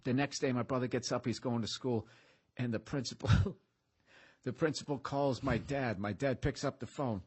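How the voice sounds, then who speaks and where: A man, hosting a podcast and telling a story in a profane, animated way. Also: medium pitch, normal speed, slightly rough. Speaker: podcast host. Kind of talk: casual storytelling chat.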